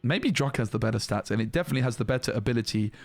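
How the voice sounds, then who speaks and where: A man's voice: medium pitch, very fast, no echo, soft background music. Man chatting through card reviews. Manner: animated, thinking aloud with restarts and asides. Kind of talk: casual card review commentary.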